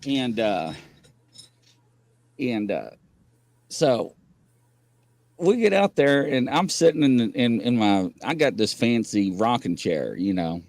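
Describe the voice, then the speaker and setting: A medium-pitched man speaks slowly and pauses often in a dry recording. As host of a paranormal variety show, he rambles through animated stories on a casual livestream, laughing frequently.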